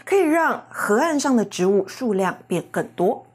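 A woman co-teaching a bilingual English lesson, explaining clearly. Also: mid-range voice, very animated, normal speed.

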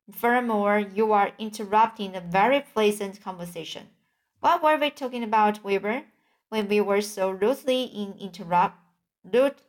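A woman voicing a calm, wise female spider in a storybook, cool and reassuring. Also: mid-range voice, natural voice.

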